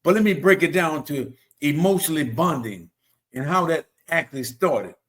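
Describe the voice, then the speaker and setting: A man's voice: a little high, lively intonation, normal speed, fairly bright tone. A man hosting a casual motivational talk, earnest and preachy, who often repeats himself. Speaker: host.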